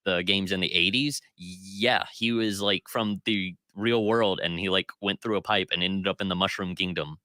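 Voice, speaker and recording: A man with a very low voice that still cuts through with a bright, forceful edge. He co-hosts a casual pop culture podcast and critiques at length, opinionated and full of fillers. The sound is dry and close. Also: fairly even intonation, normal speed, hardly any pauses, no room sound. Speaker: podcast co-host.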